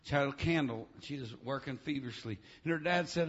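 Shouting preacher with "amen" fillers. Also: male voice, medium pitch, brisk, slightly rough, highs cut off. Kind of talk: revival sermon. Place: church.

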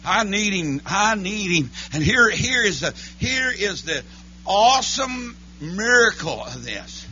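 A man preaching a holiness church sermon, chanting his lines between breathy "uh, amen" beats. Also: high voice, big pitch swings, takes it slowly, sharp tone, muffled recording, slight background noise. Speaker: pastor. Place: church sanctuary.

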